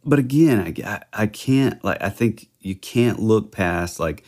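A man with a low voice chats casually on a podcast. He thinks aloud as he goes, hesitating and filling pauses with "like" and "you know.". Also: lively intonation, a little mellow. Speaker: podcast co-host. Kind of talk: casual chat.

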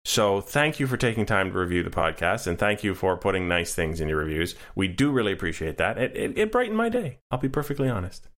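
Low-voiced man co-hosting a casual sports podcast. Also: big pitch swings, a little fast, hardly any pauses, fairly bright tone. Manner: wry, joking, rambling asides. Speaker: podcast co-host.

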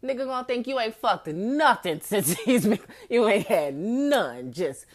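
A woman's voice: mid-range voice, big pitch swings, measured pace. A woman in her forties hosting a podcast, telling a comedic story in a brash, profane way and often laughing mid-sentence. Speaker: podcast host.

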